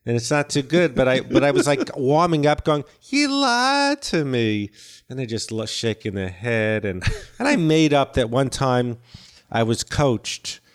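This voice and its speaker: Older guy guest rambling thru stories, kinda self-deprecating, smooth clear voice. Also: medium pitch, normal speed. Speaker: guest, actor and comedian. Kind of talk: casual interview chat.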